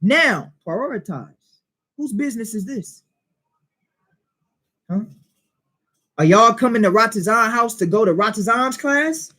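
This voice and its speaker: A man leading a Bible class, preaching in an animated way and firing questions at the listeners. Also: high voice, unhurried, pauses often.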